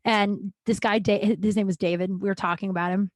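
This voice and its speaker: A woman's voice: medium pitch, fairly even intonation, fairly quick, no echo. A woman hosting her own podcast, telling a personal story in a chatty, casual way, peppered with "like", and acting out what people said. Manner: chatty, heavy use of "like", acts out quoted voices. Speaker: podcast host.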